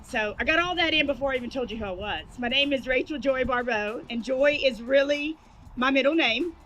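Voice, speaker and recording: Woman, motivational speaker, high and bright, fires up the crowd. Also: fairly quick, soft background music, rough recording. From Atlanta, Georgia, US. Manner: energetic, hype-building, talks straight to the crowd. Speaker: motivational speaker, former sportscaster. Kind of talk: motivational speech. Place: outdoor park at a sports opening ceremony.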